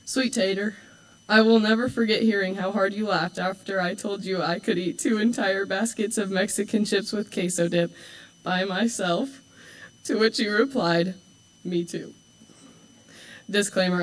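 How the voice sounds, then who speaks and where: A girl in her late teens speaks to her school from a prepared speech, her voice sitting at an ordinary middle pitch. She moves between sincere thanks and playful, deadpan jabs at classmates and teachers. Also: normal speed, poor audio. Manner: warm, teasing, with dry asides. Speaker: homecoming court candidate.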